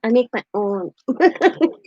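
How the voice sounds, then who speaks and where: A woman's voice: fairly high pitch, expressive, takes it slowly, highs cut off, background noise. A woman hosting a casual craft livestream, rambling through stories and laughing often. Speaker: craft channel host.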